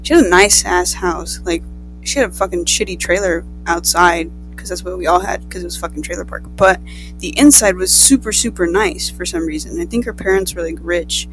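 A teenage girl telling a story in casual chat, rambling and swearing, with quick asides. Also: lowish voice, faint music behind, low-quality recording. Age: teens.

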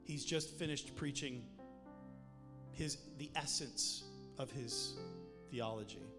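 A man's voice: medium pitch, slow pace. A man preaching a sermon in a conversational way, with jokes and emphatic points. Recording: long hall reverb with music behind.

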